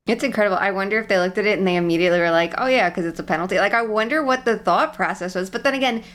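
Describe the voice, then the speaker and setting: A woman's voice: medium pitch, rapid-fire, fairly bright tone. A woman co-hosting a casual podcast, emphatic and swearing freely as she tells stories. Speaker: podcast co-host.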